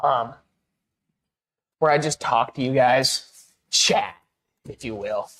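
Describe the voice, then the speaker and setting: Speaking slowly in a bass voice with a slightly bright edge, a woman streamer paints a wall while chatting casually with viewers. She rambles with many restarts and laughs at herself in a self-deprecating manner.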